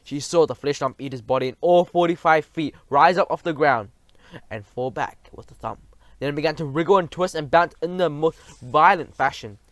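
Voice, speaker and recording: A man narrating a children's story in an expressive, animated way, with small slips. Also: on the high side, moderate pace, dry recording. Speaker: audiobook reader.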